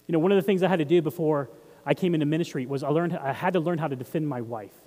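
A man's voice: a little high, rapid-fire, warm tone, in a large hall. A man preaching a sermon as pastor, talking in a conversational way and putting questions to the congregation. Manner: conversational, asks the audience questions.

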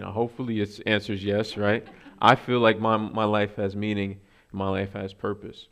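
A man's voice: fairly low pitch, gravelly. A man giving a casual, conversational sermon with self-deprecating asides and frequent fillers. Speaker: preacher.

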